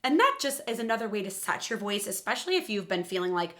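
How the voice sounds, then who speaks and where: Woman, vocal coach, bright tone, upbeat, encouraging, instructional. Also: mid-range voice, fast. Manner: encouraging, upbeat, talks while playing piano.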